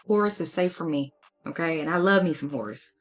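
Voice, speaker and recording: A woman's voice: low voice, lively intonation, brisk, soft background music. A young adult woman chatting candidly and sassily to her viewers in a casual storytime vlog. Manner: candid, sassy, talks straight to viewers. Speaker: beauty vlogger.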